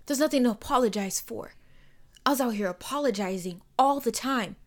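A young woman hosting her own podcast, talking alone in a blunt, heated, profane way that swings between soft and loud. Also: a little high, brisk. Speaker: podcast host. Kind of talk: emotional solo podcast monologue.

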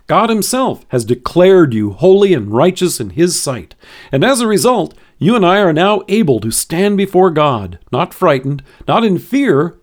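Guy reading a devotion podcast, kinda high voice, super animated, close mic. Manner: expressive, dramatic scripture reading. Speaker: devotion speaker.

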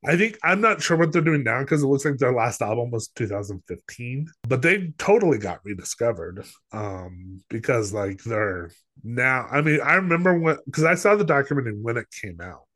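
A man co-hosting a podcast at a middle pitch, chatting loosely and retelling a story. He fills his talk with filler words and jumps into quoted voices as he goes. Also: expressive, normal speed, fairly bright tone. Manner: rambling, filler-heavy, acts out quotes. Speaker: podcast co-host. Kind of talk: casual chat, film review.

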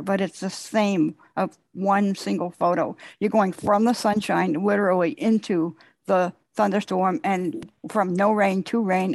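A woman's voice: medium pitch, creaky, no room sound. A woman speaking as the guest poet on a conference call, patiently explaining with repeated phrases.

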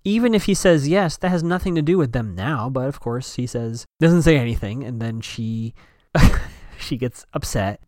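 A man's voice: medium pitch, animated, moderate pace, a little mellow, no room sound, studio quality. A man casually recapping a TV episode as a podcast host, chatting and thinking aloud with many fillers and restarts.

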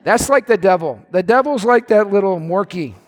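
A man preaching a sermon to his congregation, telling lively stories with playful asides. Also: sits high, normal speed, long reverb tail, slight background noise. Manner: animated storytelling with playful asides. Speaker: pastor. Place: church sanctuary.

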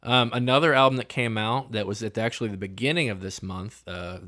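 A man's voice: lowish voice, fast talker, sharp tone. A man co-hosting a casual music review podcast, talking loosely with lots of fillers and restarts. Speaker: podcast co-host.

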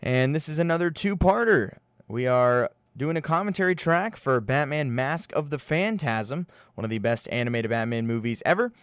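A man's voice: mid-range voice, lively intonation, normal speed, hardly any pauses, smooth, dry recording. Blunt, dry-sounding male podcast co-host. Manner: blunt and dismissive, stammers on restarts. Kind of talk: casual podcast chat.

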